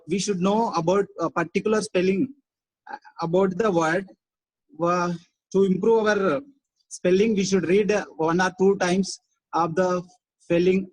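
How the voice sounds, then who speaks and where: A young man with a Telugu accent, giving a student seminar talk with many pauses, fillers and restarts. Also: high voice, rough recording. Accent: Telugu-accented English. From India. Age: young adult. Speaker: student presenter.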